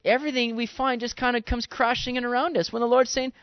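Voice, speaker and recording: A man, a pastor, giving a conversational sermon, animated and casual with slangy asides. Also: extremely high pitch, fast talker, dry recording, dull audio.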